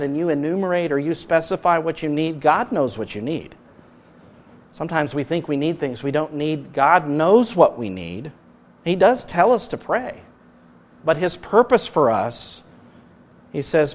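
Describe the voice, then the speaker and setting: A man preaching a sermon as pastor, earnest, his voice rising loud and then dropping soft. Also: on the high side, lively intonation, normal speed.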